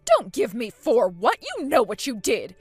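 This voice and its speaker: Woman voicing a bossy older grandma, loud and haughty, lively high swoops, faint music under. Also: normal speed, breathy edge, no echo, full character voice. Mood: indignant. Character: bossy older mother-in-law, loud and self-righteous.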